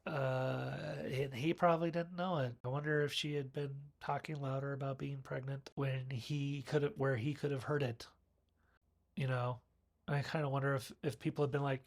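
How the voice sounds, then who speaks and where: Gravelly man rambling through a film review. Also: medium pitch, flat delivery, normal speed. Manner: rambling, self-correcting, with chuckles. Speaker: movie reviewer.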